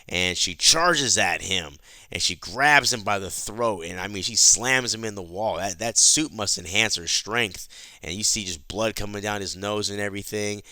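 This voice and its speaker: A man hosts a chatty, animated comic book recap. His voice is lowish but bright and crisp. The sound is dry and close. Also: no echo.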